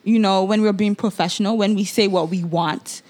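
A young woman co-hosting a casual chat, animated and acting out other people's lines in mocking voices. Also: mid-range voice, moderate pace. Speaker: podcast co-host.

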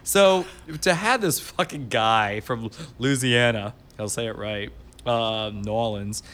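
A man's voice: on the low side, takes it slowly, a bit bright. A man hosting a casual podcast, telling rambling stories and swearing freely. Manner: profane, rambling storyteller. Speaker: podcast host.

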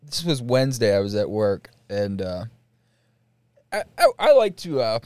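A man's voice: medium pitch, a little mellow, clear, resonant tone, dry recording. A young man co-hosting a podcast in casual chat, rambling through stories with lots of fillers and frequent laughter. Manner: rambling, laughs often, many fillers and restarts. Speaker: podcast co-host.

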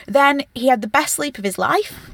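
A woman, casually recapping a novel's plot as a podcast co-host, frank and animated. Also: high voice, normal speed, vocal fry. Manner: frank, animated retelling with quoted voices. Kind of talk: casual book recap chat.

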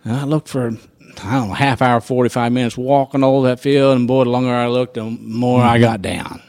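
A man telling a personal faith testimony in a folksy, animated storytelling manner. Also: medium pitch, fairly quick, vocal fry, no room sound. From rural farming background. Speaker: guest sharing testimony.

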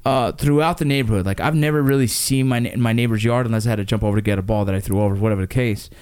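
A man in his thirties from Los Angeles, retelling a memory to his father in casual conversation, fast and animated with frequent restarts. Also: fairly low pitch, smooth. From Los Angeles, USA. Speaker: son recalling a disaster with his father.

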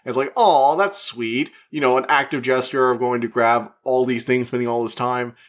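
A man giving a casual, rambling spoken movie review, chatty and full of fillers, who acts out the characters' lines in quick put-on voices. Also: medium pitch, level tone, a bit bright. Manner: rambling, with frequent fillers and restarts. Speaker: media reviewer.

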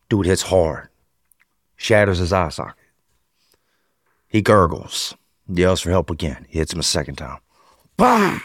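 A low-pitched man recounts a story from his own life in a loose, slangy podcast-guest manner. He gets animated and slips into other people's voices as he tells it. His voice is close and dry, with no room sound around it. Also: dry recording. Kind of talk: first-person crime storytelling.

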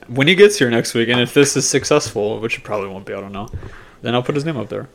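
A man's voice: mid-range voice, quick pace, creaky, a little hiss or hum. A man hosting a casual chat, trading dad jokes with friends, laughing often and swearing when a punchline lands. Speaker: host.

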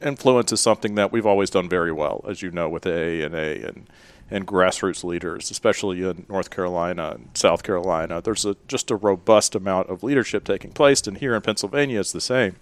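Deep-voiced guy from memphis on a podcast, relaxed and measured, dry close sound. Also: no echo. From Memphis, Tennessee. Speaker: guest. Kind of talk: casual podcast interview.

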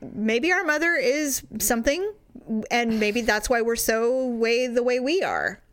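Animated higher-voiced woman telling a story. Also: measured pace, no echo. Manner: animated, acts out quotes in big voices. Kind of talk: casual storytelling chat.

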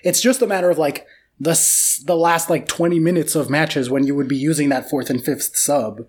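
An American podcast host in casual football chat, talking fast and ranting, swearing freely and filling speech with "like". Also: mid-range voice, breathy edge.

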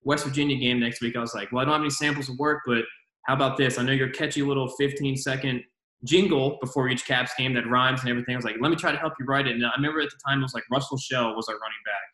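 A male podcast host with a bright voice talks fast and casually, rambling through his questions. He fills his speech with "like" and "I mean." His voice is recorded in an echoey room. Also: mid-range voice, fairly even intonation. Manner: rambling and quick, full of "like" and "I mean". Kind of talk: casual interview chat.

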